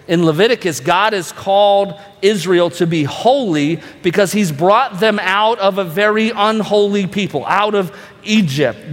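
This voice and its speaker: A man's voice: high-pitched, in a large hall. A man preaching a sermon as pastor, earnest and direct, asking the congregation rhetorical questions.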